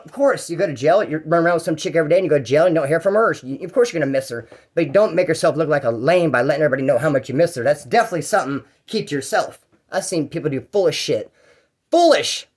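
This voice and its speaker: A man from Bakersfield, California, telling rambling, profane prison stories in a casual vlog and acting out the dialogue. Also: a little high. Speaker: storyteller recounting prison life.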